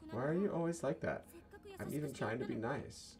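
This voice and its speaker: A man voicing a sharp, sarcastic young woman scientist who teases and scolds. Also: mid-range voice, animated, moderate pace, pitched above the performer's own voice, close to an everyday voice. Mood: exasperated.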